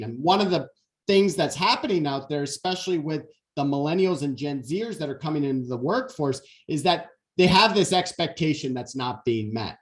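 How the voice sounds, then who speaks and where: Man, 40s, keynote speaker, lively storyteller with a lot of pitch movement. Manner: animated storyteller, acts out quotes. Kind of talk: motivational keynote talk.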